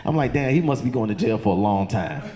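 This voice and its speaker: A man from doing loose, profane stand-up storytelling on a comedy club stage, jumping into high squeaky voices for the people in his story. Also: animated, quick pace, dark tone. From Chesterfield County, Virginia.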